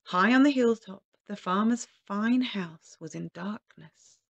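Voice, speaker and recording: Gravelly-toned woman reading a storybook. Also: medium pitch, measured pace, no echo, muffled recording. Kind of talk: storybook read-aloud.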